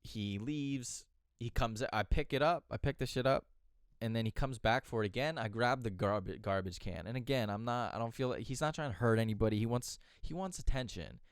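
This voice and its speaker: A man's voice: medium pitch, a little fast, clean tone, no echo, clean studio sound. A man hosting a podcast, telling a personal story in a candid, casual way, swearing freely and restarting his sentences. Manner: candid, profane, rambling with restarts. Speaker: podcast host.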